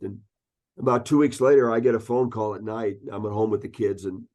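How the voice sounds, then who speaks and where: A man's voice: fairly low pitch, flat delivery, fairly quick, a little mellow. A man in his sixties, an ecologist guest, telling anecdotes in an interview and acting out the voices of people he quotes. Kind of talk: storytelling interview.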